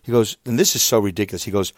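A man in his fifties, a podcaster, telling a long casual story about an online argument, exasperated and animated, his voice often jumping up high. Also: rapid-fire, no echo, studio quality. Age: 50s. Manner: animated, exasperated, with sudden jumps up in pitch; reads out messages.

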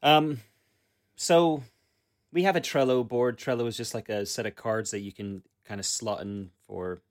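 On a tabletop gaming podcast, a co-host speaks at a normal speed with a medium pitch and fairly even intonation. He keeps the conversation casual and rambling, with frequent fillers and restarts.

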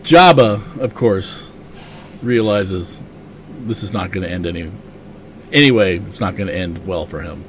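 A man's voice: low-pitched, animated, unhurried, long pauses, slight background noise. A man hosting a podcast, recapping a comic casually with enthusiasm, lots of "you know" and chuckles. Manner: enthusiastic, chuckling, many fillers.

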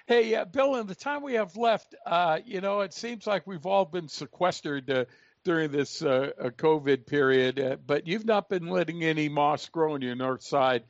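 A man's voice: fairly high pitch, moderate pace, no echo. A man hosting a radio show, asking chatty, folksy questions. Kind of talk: radio interview. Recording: dry, dull lo-fi sound.

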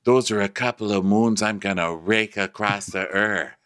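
A man co-hosting a comedic TV recap podcast, chatting and mimicking cast members in high campy voices. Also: moderate pace, fairly bright tone, clean tone. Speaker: podcast co-host.

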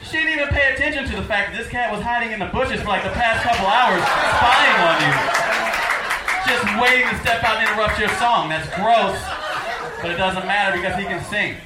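A man's voice: high-pitched, a little fast, roomy sound, over a noisy crowd, very noisy. A man doing a stand-up set in a comedy club, telling sarcastic stories. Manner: storytelling, sarcastic.

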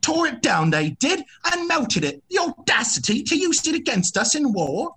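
A man's voice: very high voice, very animated, moderate pace, bright, forceful tone, pitched above the performer's own voice, exaggerated voice. A man putting on a pompous British accent to play an outraged loyalist gossiping in a tavern. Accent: put-on British.

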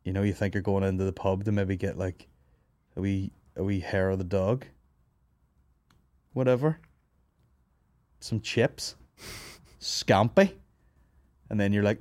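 A low-voiced Northern Irish man in his thirties rambles through a comic anecdote, swearing freely and breaking into laughter. His voice sits close and dry, with no room sound around it. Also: steady tone, unhurried, pauses often, a little mellow, no room sound. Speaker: podcast host. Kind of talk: casual comedic storytelling. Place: studio office.

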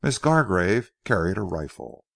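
A man reading as a steady police corporal in an old adventure story, speaking quietly and deliberately. The voice is low and gravelly, and the recording is close and dry. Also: no room sound, exaggerated voice.

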